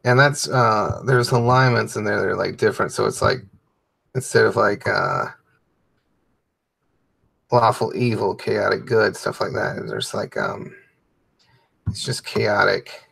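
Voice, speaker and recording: A comedian talking loosely and profanely while coloring on a stream, with lots of fillers. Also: male voice, fairly low pitch, lively intonation, unhurried, creaky, long pauses, fairly bright tone, breathy edge. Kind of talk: casual rambling chat.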